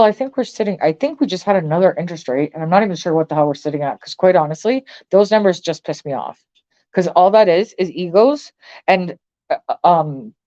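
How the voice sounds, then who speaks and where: A woman's voice: fairly low pitch, a little mellow, dull audio. A woman from Canada, ranting to her viewers in a blunt, profane, filler-heavy way. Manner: blunt and profane, frequent swearing and filler words. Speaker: vlogger. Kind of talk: angry political rant to camera.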